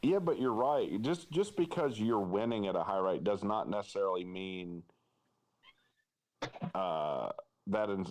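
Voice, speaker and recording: A man's voice: lowish voice, animated, a little slow, long pauses, darkish tone. A man hosting a sports podcast, ranting heatedly and swearing freely in casual talk. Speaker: podcast host.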